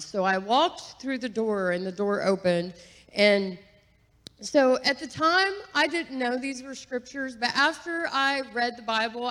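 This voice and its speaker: Woman guest sharing testimony, higher voice, earnest and chatty, with a long hall echo. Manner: earnest, chatty, with fillers and soft laughs. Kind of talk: personal testimony at church. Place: church sanctuary. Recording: long reverb of a large hall.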